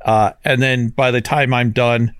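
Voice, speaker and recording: A man's voice: medium pitch, fairly even intonation, unhurried, clear, resonant tone, dry recording. An easygoing man with a mid-range voice chats on a podcast over drinks and jokes about himself. His voice sounds close and dry, with no room in it. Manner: easygoing and joking, self-deprecating. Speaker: military veteran podcast co-host.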